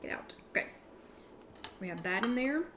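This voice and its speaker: A woman's voice: fairly high pitch, animated, moderate pace, fairly bright tone, slight background noise. Chatty woman hosting a kitchen chat. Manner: chatty, restarts sentences, eats while talking. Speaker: online workshop host. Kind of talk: casual live cooking chat. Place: home kitchen.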